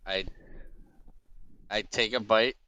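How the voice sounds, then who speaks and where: A man's voice: lowish voice, fairly even intonation, slow pace, pushed and bright, highs cut off, a little hiss or hum. A man casually describing his character's actions as a player in a tabletop game, with a joking tone.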